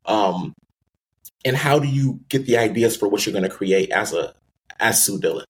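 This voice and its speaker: A man's voice: lowish voice, expressive, moderate pace, slightly rough. A man hosting a podcast, easygoing and asking long, rambling questions. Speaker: podcast host. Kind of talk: casual interview chat.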